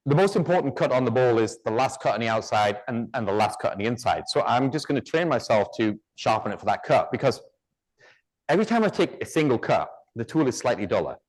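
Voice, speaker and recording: A man's voice: medium pitch, sing-song, fast. Joking woodturning demonstrator, man. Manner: chatty, joking, rambling asides. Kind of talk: live workshop demonstration.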